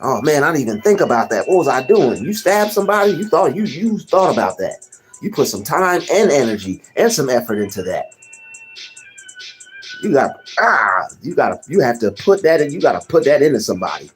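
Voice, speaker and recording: A young man hosting a casual livestream, rambling and giving shout-outs to chatters by name. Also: mid-range voice, big pitch swings, fast talker, soft background music. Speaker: livestream host.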